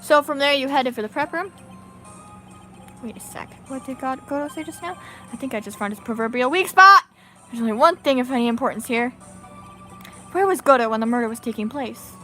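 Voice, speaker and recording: A woman's voice: sits high, animated, fairly quick, long pauses, faint music behind. Woman reading as a dry young male attorney. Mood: musing. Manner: quiet, dry, musing. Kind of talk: reading game dialogue aloud.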